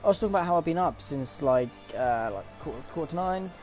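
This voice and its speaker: Chatty sim racing commentator. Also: male voice, fairly high pitch, animated, fast talker, darkish tone, soft background music. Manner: rambling, chatty banter between bursts of upbeat formal intro. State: tired but wired on caffeine. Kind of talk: live race-stream commentary.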